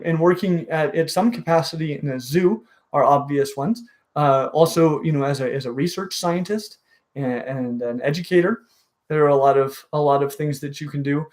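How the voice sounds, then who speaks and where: A man hosting a casual reptile livestream, enthusiastic and full of halting restarts. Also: on the high side. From dry western region. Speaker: reptile show host.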